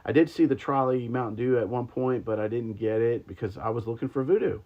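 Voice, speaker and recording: A man hosts a livestream, taste-testing sodas while rambling casually with plenty of ums and likes. His medium-pitched voice moves fairly quickly, and the lo-fi stream audio sounds slightly dull.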